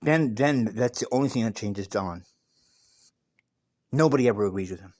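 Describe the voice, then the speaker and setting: A man's voice: fairly low pitch, normal speed, darkish tone, dry recording. Profane, emphatic man telling a story. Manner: profane, emphatic, repeats words. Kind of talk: casual spoken monologue.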